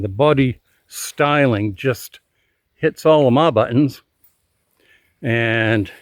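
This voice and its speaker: A man's voice: on the high side, no echo. A man giving a casual update on his car projects from his driveway, talking with dry, wry humor. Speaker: hobby car restorer and channel host. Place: outdoors in a driveway.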